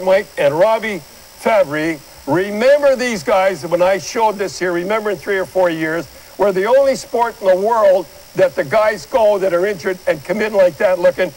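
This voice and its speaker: Blunt and rambling, an older man from Canada delivers opinionated studio-style hockey talk in a high, animated voice, steering viewers toward the replays. It's a rough recording.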